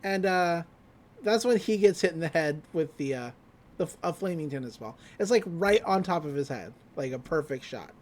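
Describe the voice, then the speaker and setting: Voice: medium pitch, expressive, normal speed. A podcast host rambles through a scene-by-scene anime recap. The delivery is loose and chatty, with frequent fillers and casual swearing. It sounds like friends talking rather than a scripted show.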